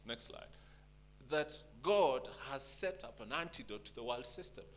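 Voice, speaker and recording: A man's voice: mid-range voice, expressive, unhurried, slight background noise. A man preaching a sermon, asking the congregation rhetorical questions and urging them to stay with him.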